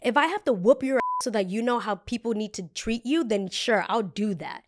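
A woman's voice: fairly high pitch, animated, normal speed, close to an everyday voice. A woman retelling a pushy, aggressive young woman. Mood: confrontational.

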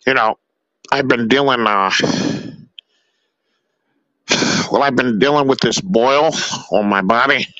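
A man playing an awkward, overly attached friend who leaves a halting voicemail full of ums and uhs, in a comedy sketch. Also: mid-range voice, pushed and bright, no room sound, muffled recording.

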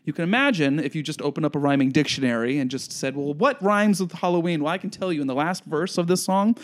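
A man with a fairly high voice co-hosts a casual podcast chat. He talks in an animated, gushing way and slips into little sung quotes. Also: fast. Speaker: podcast co-host.

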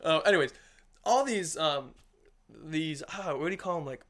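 A man co-hosting a casual Christian discussion podcast speaks at a moderate pace in a slightly high voice. He rambles in an animated way, acting out little quoted voices as he goes.

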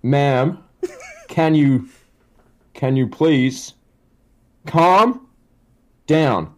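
A man voicing a bored male call-center worker who speaks in a flat, drawn-out way. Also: fairly high pitch. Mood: deadpan.

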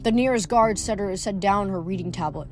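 A woman reading a novel aloud, expressive, with small slips now and then. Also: mid-range voice, brisk, soft background music. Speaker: audiobook reader.

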